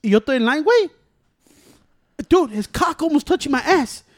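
Lively, high-voiced Mexican-American man, crude. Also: a little fast. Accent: Mexican-American, mixing in Spanish. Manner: loud, teasing and crude, laughs often. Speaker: podcast co-host. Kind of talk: casual chat.

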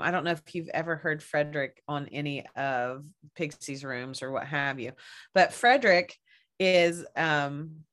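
A woman's voice: low voice, fairly bright tone. A woman podcast host in casual chat, candid and laughing often, swearing now and then.

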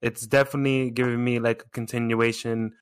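A man co-hosting a podcast, chatting casually and excitedly, laughing often and restarting his sentences. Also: medium pitch, fairly quick, clean tone, no room sound. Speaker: podcast co-host. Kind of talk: casual chat.

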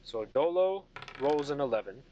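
A man narrating a tabletop game as game master, telling the story with animated energy. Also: medium pitch, normal speed, highs cut off, slight background noise.

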